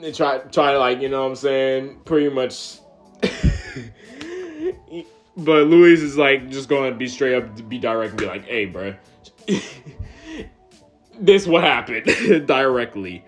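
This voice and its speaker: A man's voice: medium pitch, expressive, slow pace, pauses often, a bit bright, faint music behind. A man hosting a webtoon reaction video, reading panels aloud and reacting in a slangy, exclaiming way with frequent laughs.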